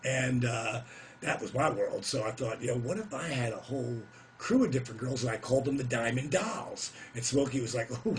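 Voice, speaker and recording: A middle-aged man telling a story to camera in a casual, animated way, whooping now and then and putting on voices for the people he quotes. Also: medium pitch, a little fast, slight background noise.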